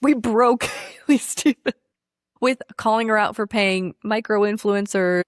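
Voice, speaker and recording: A woman's voice: medium pitch, measured pace, no echo. Woman co-host, casual political rant, swearing, emphatic, dry close sound. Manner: emphatic, profane, laughing often. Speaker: podcast co-host.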